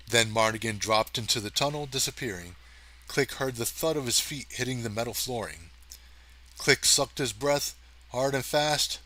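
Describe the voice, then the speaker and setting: A man reading a science fiction story aloud as narrator, steady and even. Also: medium pitch, normal speed. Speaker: audiobook reader. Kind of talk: scripted narration.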